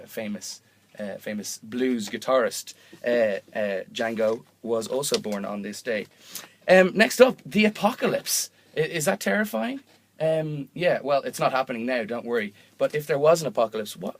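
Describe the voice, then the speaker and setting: Young guy rambling through a fake radio show, deadpan, lots of uhs, dry close sound. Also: mid-range voice, dry recording. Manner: offhand, deadpan, full of fillers and self-corrections. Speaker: host of a homemade mock radio show. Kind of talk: rambling comic radio patter.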